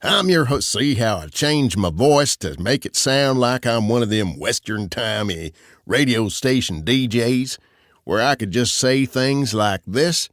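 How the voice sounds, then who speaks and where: A man's voice: mid-range voice, lively intonation, measured pace, dry recording, studio quality. A man hosting a podcast, chatting casually and rambling a bit between topics. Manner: rambling, with fillers. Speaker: podcast host. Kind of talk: casual chat.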